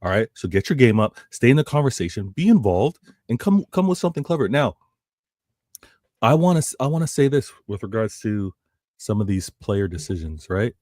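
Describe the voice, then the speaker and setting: Male co-host, low voice, dry close sound, rambling football talk. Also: big pitch swings, a little fast, a little mellow, no room sound. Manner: rambling, restarts phrases, addresses chat. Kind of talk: casual football chat.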